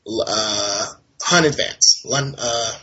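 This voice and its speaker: A man co-hosting a wrestling podcast, recapping matches in animated casual chat. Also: on the low side, slow. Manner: animated, laughing, does mock voices in quotes. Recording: dull lo-fi audio.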